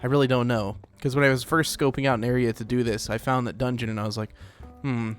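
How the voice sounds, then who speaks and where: A man's voice: mid-range voice, fairly even intonation, fast talker, smooth, faint music behind. A man hosting a let's play, rambling casually as he plays, with lots of fillers. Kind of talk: casual gameplay commentary.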